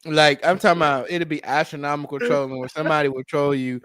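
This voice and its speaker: Male podcast co-host, slangy and animated, casual chat, dry mic. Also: fairly high pitch, fast, clean tone, dry recording.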